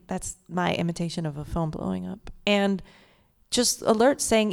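A woman's voice: lowish voice, normal speed, gravelly, darkish tone. A woman co-hosting a comedy podcast in front of a live audience, chatting casually and profanely and slipping into silly voices. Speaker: podcast co-host.

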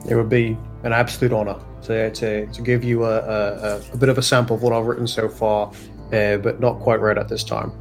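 A man's voice: lowish voice, flat delivery, a little fast, soft background music, natural voice. A man voicing a nervous young bard who stammers earnestly while trying to impress a professor.

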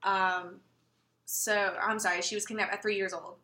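A young actress chatting casually as a podcast guest, hesitant with frequent fillers and quick laughs. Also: female voice, medium pitch, level tone, background noise. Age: young adult. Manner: hesitant with many fillers, giggly.

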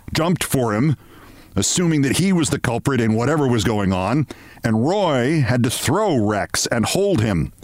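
A man hosting a podcast, reading a short story aloud in a measured, expressive way. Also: mid-range voice, no room sound. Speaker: podcast host.

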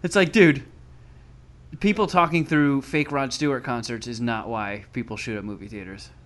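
A man's voice: medium pitch, normal speed, fairly bright tone. A man with an ordinary mid-range voice runs through a story in casual chat. He swears freely and mocks everyone he describes, dry and sarcastic. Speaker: podcast guest telling a story.

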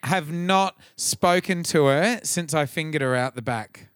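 A man's voice: fairly high pitch, measured pace, a bit bright, smooth, no echo, studio quality. A man with an Australian accent co-hosting a podcast, bantering in a cheeky, slangy way with lots of laughter. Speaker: podcast co-host. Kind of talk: casual banter.

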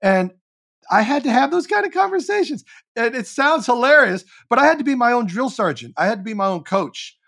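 A man in his fifties, an actor and comedian, telling stories as a guest in a casual interview with lots of swearing and shouted reenactments. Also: very high voice, a little fast, gravelly. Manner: animated, profane, barks when reenacting.

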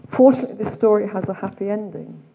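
Older english lady giving a reflective retreat talk, soft warm tone, asks lots of questions. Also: mid-range voice, animated, fast talker, gravelly, breathy edge, long reverb tail. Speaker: retreat leader. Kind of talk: retreat talk with read-aloud quotations. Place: meditation centre room.

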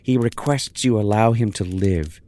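An actor playing a loyal royal commander who speaks respectfully and formally in an audio drama. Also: male voice, lowish voice, unhurried, warm tone, natural voice.

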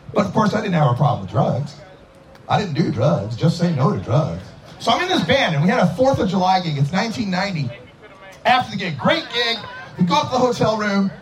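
Animated middle-aged man telling a story. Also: poor audio. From Idaho. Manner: lively, acts out quotes with big pitch swings. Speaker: cannabis activist speaker. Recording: outdoor festival with faint ambient noise.

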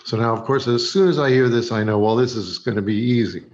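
A man, a TV director, telling a story from a film set in a relaxed way, acting out both sides of the dialogue and laughing often. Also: mid-range voice, fast, dull audio. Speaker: TV director, guest.

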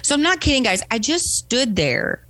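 In conversational storytelling as an interview guest, an American woman acts out the voices of people she quotes, animated and peppering in "right?". Her voice is a little high and her speed normal, recorded with no room sound.

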